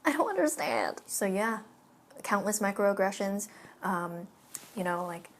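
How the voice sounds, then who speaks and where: A woman's voice: mid-range voice, expressive, a little slow. A young woman from California talking in casual commentary, emphatic and ranting, swearing often. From California, United States. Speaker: vlogger.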